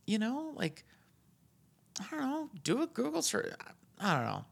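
Male podcast host, casual rambling rant, gravelly fry, slightly husky edge. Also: wildly swooping pitch, normal speed, fairly bright tone. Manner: rambling, ranting, jumps high in pitch when exasperated.

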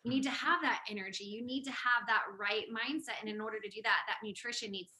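A woman's voice: a little high, fairly even intonation, fast, bright, forceful tone. A woman hosting a podcast in casual, enthusiastic conversation, talkative and passionate. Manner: enthusiastic, talkative, frequent laughs. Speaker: podcast host.

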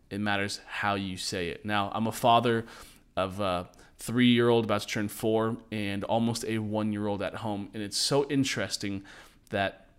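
A man in his thirties, his voice on the low side with a fairly bright tone, hosts a short motivational podcast. He talks earnestly and conversationally, dropping in self-deprecating asides.

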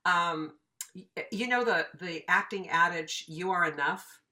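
Bright-voiced woman telling lively stories. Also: lowish voice, measured pace. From United States. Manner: animated, acts out quoted dialogue. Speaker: voiceover teacher, interview guest. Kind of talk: casual storytelling interview.

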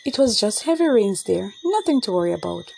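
A calm, patient mother in a children's audiobook, speaking, as a woman reader puts her on. Her voice is lifted somewhat above the reader's own, and it moves in a lively way. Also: a little high, normal speed, creaky, slight background noise, pitched above the performer's own voice, low-quality recording. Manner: calm and reassuring.

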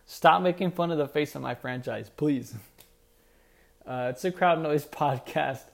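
A man's voice: on the high side, a little slow, creaky. A man hosting a solo sports podcast, rambling and mock-indignant, with lots of fillers and restarts. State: out of breath. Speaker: podcast host.

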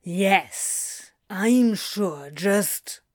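A woman's voice: mid-range voice, animated, extremely slow. A woman voicing a harried, snappish man in a story reading, terse and clipped. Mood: pleading. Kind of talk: audiobook character voice.

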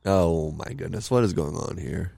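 A man's voice: low voice, lively intonation, moderate pace, creaky, warm tone, slightly rough. A young man in casual chat, teasing and wisecracking with his friends.

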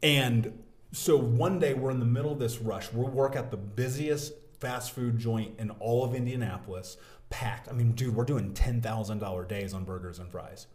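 A man in his thirties telling a story from his working life as a guest in a casual interview, animated and talking like a buddy. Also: medium pitch, moderate pace. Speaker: podcast guest, business owner.

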